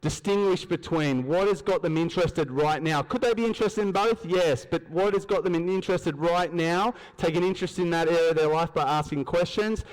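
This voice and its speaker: A man's voice: a little high, brisk, few pauses. An Australian man giving a motivational stage talk at a business event, telling stories, acting out dialogue and asking the crowd questions. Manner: storytelling, acts out dialogue, asks the crowd questions. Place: large event hall, on stage. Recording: long hall reverb.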